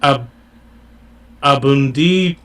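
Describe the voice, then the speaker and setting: A man's voice: medium pitch, very slow, fairly bright tone. A man co-hosting a casual podcast, joking around and stumbling over names as he reads them out. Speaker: podcast co-host.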